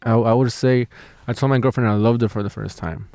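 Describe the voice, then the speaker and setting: Man, comedian, rambling story, swears a lot, mid pitch, dry close sound. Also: fairly even intonation, fairly quick, darkish tone, no room sound. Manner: rambling, swearing, lots of fillers and restarts. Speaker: comedian and podcast co-host. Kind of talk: casual storytelling chat.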